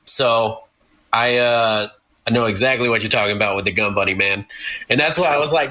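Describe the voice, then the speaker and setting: A man's voice: medium pitch, brisk, sharp tone, low-quality recording. A man guesting on a podcast, telling stories in a profane, laughing, casual way.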